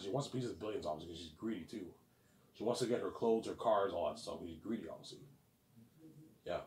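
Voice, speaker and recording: A man's voice: lowish voice, expressive, fairly quick, long pauses, mellow. A man rambling boastfully about his own book, swearing freely and repeating himself as he acts out imagined praise. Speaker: self-published author and vlogger.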